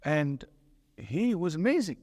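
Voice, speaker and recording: A man's voice: a little high, unhurried, clean studio sound. Man preaching in a reverberant hall. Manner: animated storyteller mixing in Arabic terms and quotes. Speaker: imam and teacher. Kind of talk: sermon lecture with storytelling. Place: mosque hall.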